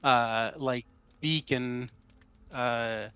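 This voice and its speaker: A man's voice: mid-range voice, steady tone, extremely slow, pushed and bright, clear, resonant tone, dull audio. A man playing a tabletop role-playing game, making wry remarks and describing his character's actions. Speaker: player.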